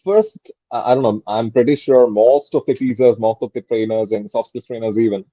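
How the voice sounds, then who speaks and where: A man's voice: medium pitch, brisk, mellow, no room sound, dull audio. A man in his twenties whose first language is Malayalam, an English tutor chatting casually and thinking aloud with many fillers and restarts. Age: 20s. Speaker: English tutor and soft skills trainer. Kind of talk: casual conversational interview.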